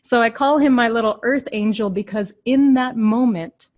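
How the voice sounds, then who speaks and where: A woman in her thirties, a leadership coach, telling a personal story in an earnest, heartfelt way, speeding up and slowing down as she recounts it. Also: fairly high pitch, darkish tone. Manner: earnest, heartfelt, shifting tempo while recounting.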